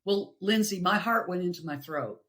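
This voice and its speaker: A woman's voice: on the low side, lively intonation, fairly bright tone. Earnest middle-aged woman telling stories. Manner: earnest, reflective, pauses and restarts. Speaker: podcast guest. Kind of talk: sharing personal stories.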